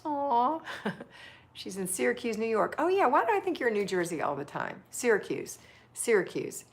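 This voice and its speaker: A woman's voice: on the high side, huge pitch swings, brisk. Chatty woman hosting a livestream. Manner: chatty, affectionate, reads viewer comments aloud. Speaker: livestream host. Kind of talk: casual livestream chat reading comments.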